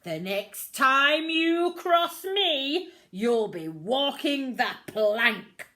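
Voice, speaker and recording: A bad-tempered pirate captain from a children's story growls and bellows, played by a woman reading aloud. He is loud and slow, and pitched a little above the reader's own voice. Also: wildly swooping pitch, heavily acted. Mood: angry.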